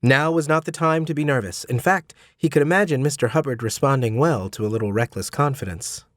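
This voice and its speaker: Man with steady audiobook narration. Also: medium pitch, no echo, studio quality. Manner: steady, measured storytelling. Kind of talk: scripted narration.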